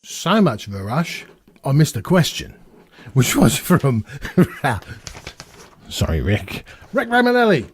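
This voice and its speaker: A man's voice: mid-range voice, huge pitch swings, slow, long pauses, husky, no room sound. Chatty man in his fifties, dry sound. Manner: chatty, rambling, self-mocking jokes. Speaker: YouTube channel host. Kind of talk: casual Q&A vlog. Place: small home studio in France.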